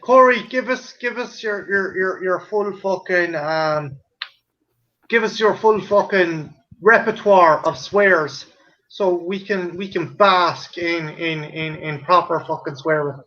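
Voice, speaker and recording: A man's voice: high voice, slow, pushed and bright. A man with an Irish accent ranting and swearing theatrically in a rambling, comic way on a stream. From Ireland. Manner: foul-mouthed, rambling, theatrical. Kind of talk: profane comic rant. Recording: dull lo-fi stream audio.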